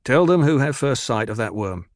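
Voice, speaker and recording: A man's voice: medium pitch, animated, normal speed, no echo, studio quality, natural voice. A man doing blunt soldier Gurney Halleck. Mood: commanding. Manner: blunt, commanding.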